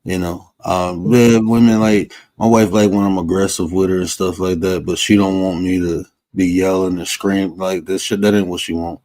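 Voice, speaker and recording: A man's voice: low-pitched, flat delivery, normal speed, hardly any pauses, a little mellow, no echo, low-quality recording. A man co-hosting a podcast, talking in a blunt, emphatic, slangy way in casual chat. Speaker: podcast co-host.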